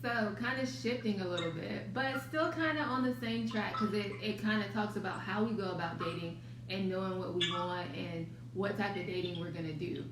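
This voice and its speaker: A woman's voice: medium pitch, moderate pace, hardly any pauses. A woman speaking bluntly and with strong opinions in a casual conversation. She sits a little away from the microphone, so her voice sounds roomy, with faint noise in the background. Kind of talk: casual chat. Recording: echoey room, a bit far from the mic.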